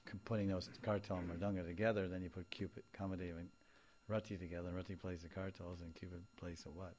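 A man leading an informal group discussion as a spiritual teacher, animated and often laughing, acting out little scenes and sounds. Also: deep voice, fast.

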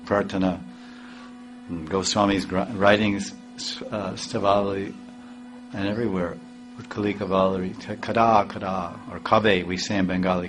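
Low-voiced man giving a devotional class. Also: level tone, low-quality recording. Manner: halting, repeats and restarts words, chuckles often; recites devotional verses with rising emphasis. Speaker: spiritual teacher.

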